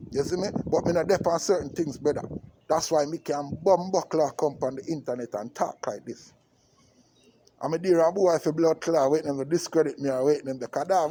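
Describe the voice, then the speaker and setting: Slight background noise accompanies a Jamaican vlogger's political rant, his voice a little high and a little mellow. Emphatic and repetitive, he keeps turning to his listener with tag questions.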